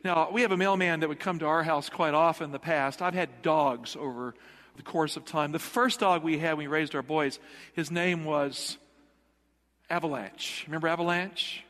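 A man's voice: fairly high pitch, normal speed, fairly bright tone. A middle-aged male pastor preaching a sermon in a church, emphatic and putting rhetorical questions to the congregation. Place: church sanctuary. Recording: long hall reverb.

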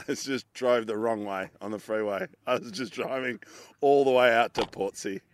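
Chatting casually, the Aussie comedian and podcast co-host spins out a lengthy tale, cursing liberally and performing the characters with lots of energy. He speaks at a moderate pace in a mid-range voice, with no echo on the audio.

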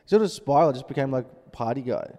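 A man's voice: medium pitch, animated, fast talker, dark tone, long reverb tail. A man with an Australian accent, a podcast guest, telling stories in a rambling, laid-back way. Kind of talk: casual chat.

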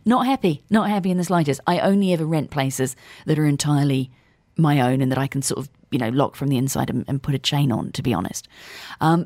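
A woman presenting business news, chatting briskly and interviewing a guest in a conversational, opinionated way. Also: low voice, creaky, mellow, no echo.

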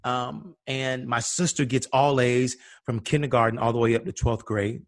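A man's voice: medium pitch, fairly even intonation, moderate pace, no room sound, clean studio sound. A man from Atlanta telling a personal story in conversation, acting out the voices of the people he quotes. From Atlanta, USA. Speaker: guest.

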